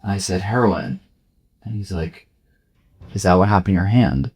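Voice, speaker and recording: A man in his forties with a low, expressive, slightly mellow and husky voice speaks at a moderate pace. As a podcast guest, he tells a personal story frankly, swearing freely and acting out the lines other people said.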